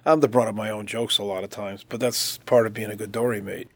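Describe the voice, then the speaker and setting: Fast-talking chatty fisherman. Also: lowish voice, fairly even intonation, husky. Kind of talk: interview.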